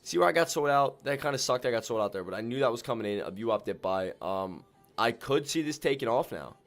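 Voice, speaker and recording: A man streaming his day trading live, slangy and excitable, swinging between calm muttering and loud whoops as he talks to his viewers. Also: mid-range voice, fast, soft background music. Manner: slangy, keeps addressing viewers as ladies and gentlemen.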